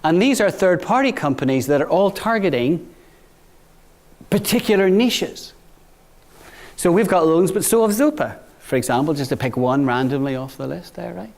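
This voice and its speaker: A middle-aged man talking to a room of graduates about business change, slipping into homely anecdotes. His voice sits a little high for a man and is easy and conversational. He often checks in with the audience and softens when he tells stories. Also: lively intonation, normal speed, gravelly. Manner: conversational, asks "right?" often, drops to a quiet voice for stories. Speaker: bank executive speaking to graduates. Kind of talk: business talk with storytelling.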